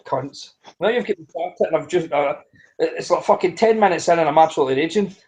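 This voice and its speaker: A man's voice: on the high side, fast, darkish tone, low-quality recording. A man co-hosting a podcast, ranting bluntly in casual talk with heavy swearing. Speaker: podcast co-host.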